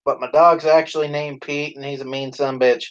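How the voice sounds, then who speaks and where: A man chatting casually on a live stream, his voice sitting a bit high for a man. He swears freely, laughs often and shouts out the lines he quotes. The sound is dull and lo-fi. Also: little pitch movement, moderate pace. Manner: profane, laughing, acts out quoted lines loudly.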